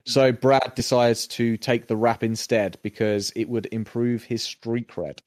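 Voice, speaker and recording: A man's voice: medium pitch, steady tone, a little slow, darkish tone, no echo. Male co-host, casual rambling recap, dry close sound. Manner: rambling, acts out characters' lines. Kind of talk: casual chat recapping a TV episode.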